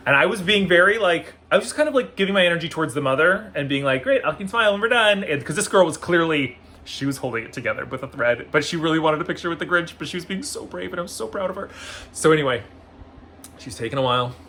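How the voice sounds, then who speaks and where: A man telling stories casually in a vlog, animated and full of "like" fillers. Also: on the high side, fast, slight background noise. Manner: animated, acts out quoted voices, frequent "like" fillers. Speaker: vlogger.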